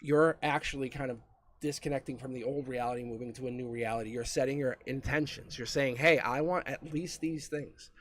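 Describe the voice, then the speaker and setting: A man's voice: medium pitch, fairly even intonation, a little fast, a bit bright. A man giving a live-streamed tarot reading, talking straight to the viewer in a chatty way and chuckling often. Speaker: tarot reader.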